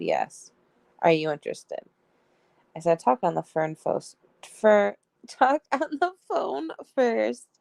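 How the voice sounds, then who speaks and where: A young woman tells a live-stream audience about a text chat, reading both sides aloud and breaking into giggles. Her voice sits low and crackly with a mellow, darkish tone. The sound is dry and close. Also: vocal fry, dry recording. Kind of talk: casual live-stream storytelling.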